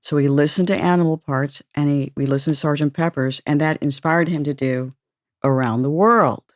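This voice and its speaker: Older woman host, lowish voice, dry close sound, lively storyteller who swears. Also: normal speed, no room sound. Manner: animated, swearing, storytelling with laughs. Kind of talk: casual interview chat.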